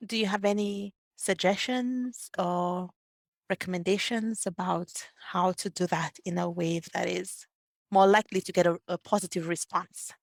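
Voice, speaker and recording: A woman's voice: on the low side, steady tone, moderate pace, vocal fry, dry recording, clean studio sound. A woman hosting an interview, who affirms her guest, recaps points and asks follow-up questions. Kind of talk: conversational interview.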